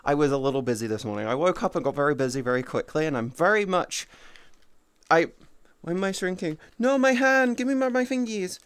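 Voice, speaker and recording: A woman's voice: brisk, clean tone, no room sound. Teasing woman streamer in her thirties. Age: 30s. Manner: playful, teasing, swings between high squeals and low mutters. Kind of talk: casual chat with viewers.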